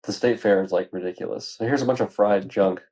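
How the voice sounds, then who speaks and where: A man's voice: on the low side, fast talker, darkish tone, slightly rough. A man co-hosting a casual podcast, laid-back, telling stories in easy chat. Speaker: co-host of a collecting podcast.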